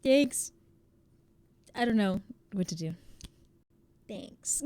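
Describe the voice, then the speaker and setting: A woman's voice: medium pitch, lively intonation, takes it slowly, pauses often, mellow, dry recording, studio quality. A woman with an American accent, chatting casually on a live stream, bubbly and greeting viewers by name. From United States.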